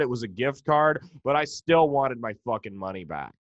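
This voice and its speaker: Profane ranting American comedian. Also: male voice, mid-range voice, animated, moderate pace, dry recording, highs cut off. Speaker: stand-up comedian. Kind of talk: comedic rant.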